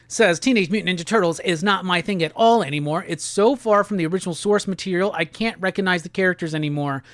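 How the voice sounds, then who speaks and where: A man hosting a casual live stream. He talks in a laid-back, slangy way and reads viewer comments aloud in quick bursts. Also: high-pitched, fairly bright tone, no echo. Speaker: livestream host. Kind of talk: casual livestream chat, reading viewer comments.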